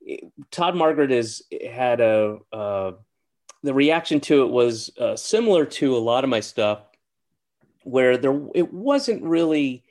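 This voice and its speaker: A middle-aged man speaking as a guest in a casual interview, pausing often and restarting his sentences. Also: mid-range voice, lively intonation, darkish tone. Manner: halting, many restarts and fillers. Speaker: interview guest, comedian and actor.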